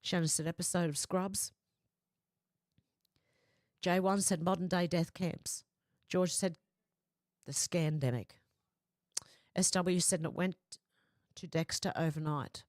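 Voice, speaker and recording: She takes it slowly, pausing often, as she reads viewer comments during a casual livestream with plenty of laughter. Her pitch is fairly low and her tone steady and darkish, captured close to a desk microphone with no echo.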